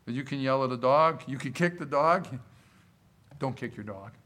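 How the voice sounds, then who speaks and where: Bright, animated man preaching. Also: mid-range voice, normal speed. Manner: animated preaching, quoting scripture, asking the congregation questions. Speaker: pastor. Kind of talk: sermon. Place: church service.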